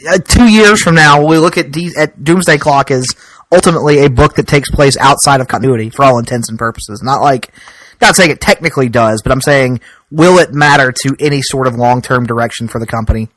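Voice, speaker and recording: A man's voice: mid-range voice, fairly quick, fairly bright tone, dry recording, poor audio. A man co-hosting a casual comic book podcast, tossing out sarcastic, grumbling asides. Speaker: podcast co-host.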